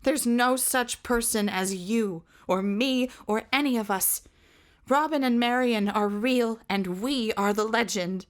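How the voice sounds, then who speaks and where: A woman's voice: fairly high pitch, a little slow, natural voice. A woman voicing a passionate outlaw woman who speaks earnestly.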